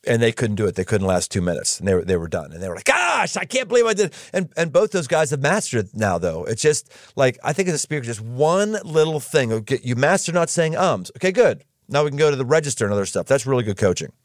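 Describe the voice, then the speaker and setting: A man's voice: mid-range voice, sing-song, fast talker, few pauses, dry recording, clean studio sound. A man hosting a casual conversation, easygoing and folksy in how he talks. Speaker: podcast host. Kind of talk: casual chat.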